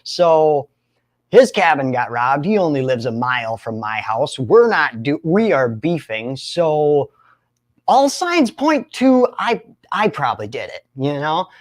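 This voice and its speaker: A young man in recovery, telling his own story in an animated way, often laughing and acting out other voices. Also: fairly high pitch, unhurried. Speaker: recovery speaker. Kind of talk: storytelling talk.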